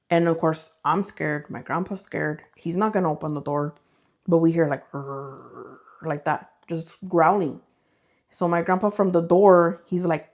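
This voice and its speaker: A woman co-hosting a podcast, telling ghost stories casually and acting out the voices and noises in them. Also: lowish voice. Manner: animated, acts out voices and sounds in her stories. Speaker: podcast co-host. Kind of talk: casual storytelling chat.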